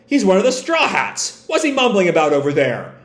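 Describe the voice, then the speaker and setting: Man doing a brash high pirate grunt. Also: wildly swooping pitch, fairly quick. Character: brash male pirate grunt, bounty-hungry. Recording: roomy echo.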